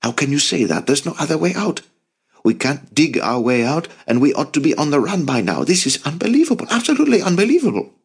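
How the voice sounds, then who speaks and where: A man reading an audiobook, voicing a sick young male prisoner who turns anxious and quick. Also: deep voice, expressive, pushed and bright, husky, heavily acted. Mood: panicked. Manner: anxious, quick and rising when panicked. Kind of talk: audiobook character voice.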